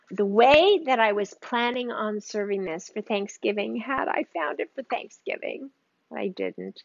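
A woman hosting a live home cooking stream, gushing over the food and talking straight to her viewers. Her voice sits at an ordinary pitch. The sound is a little dull and lo-fi, like a livestream from a kitchen. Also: vocal fry. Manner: gushing, enthusiastic, chatty with viewers. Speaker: cooking show host.

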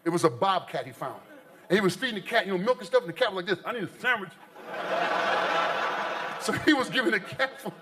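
A man from the United States doing live stand-up, telling stories in an animated, exaggerated way. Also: high-pitched, very fast, crowd noise. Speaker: stand-up comedian. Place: stage before a live audience. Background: faint audience laughter.

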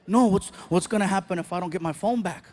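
A man's voice: high-pitched, fast talker, darkish tone, close to an everyday voice. A man voicing his own teenage son as a whiny, insistent boy who keeps pleading for a new phone during a stand-up bit.

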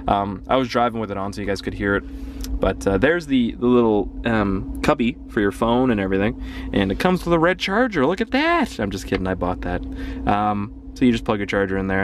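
A man's voice: medium pitch, slight background noise. Rambling young Canadian man in a car. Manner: rambling, swears casually, apologetic asides. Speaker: gaming vlogger. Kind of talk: casual car walkthrough. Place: inside a parked car.

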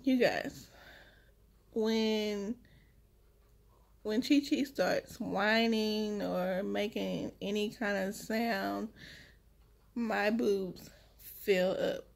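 A woman's voice: mid-range voice, steady tone, extremely slow, creaky, pauses often. A woman vlogger, a week after giving birth, telling her story straight to her viewers in a casual, emotional way. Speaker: vlogger, new mother.

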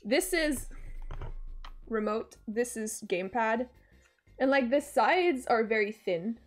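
A woman's voice: a little high, animated, takes it slowly. A young woman streaming a game, chatting playfully with viewers and often breaking into giggles. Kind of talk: casual game-stream chat.

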